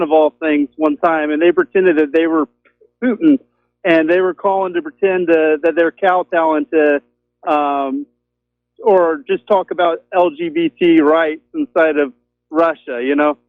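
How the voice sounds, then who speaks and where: A male caller talks in a fairly high voice over a tinny, narrow phone line. He rambles loosely and fills his speech with ums and you-knows. The sound is dry and close. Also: no echo. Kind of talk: casual call-in chat. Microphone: telephone.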